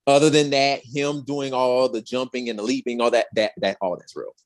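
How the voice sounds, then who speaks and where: A woman's voice: extremely low pitch, steady tone, moderate pace. A woman co-hosting a podcast review in casual chat, retelling scenes animatedly and acting out lines in exaggerated voices. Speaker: podcast co-host reviewing a show.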